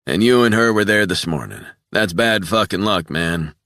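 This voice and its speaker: A man's voice: sits low, lively intonation, moderate pace, pushed and bright, no room sound, studio quality, heavily acted. A man voicing a burly, red-faced former police officer who swears and talks in a heated, raised voice. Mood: worked up.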